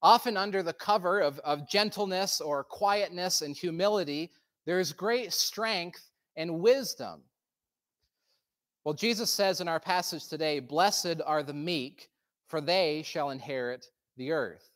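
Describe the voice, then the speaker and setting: Man, earnest sermon, measured and unhurried. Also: a little high. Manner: earnest, measured, with soft slowed prayer. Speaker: pastor. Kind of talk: sermon with prayer and storytelling.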